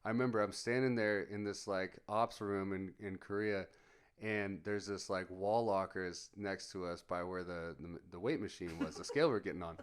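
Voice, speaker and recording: A man's voice: deep voice, fairly even intonation, normal speed, clear, resonant tone. A man in his forties telling army stories in casual chat, profane and laughing, acting out the quotes. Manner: profane, laughing storyteller who acts out quotes. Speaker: podcast co-host.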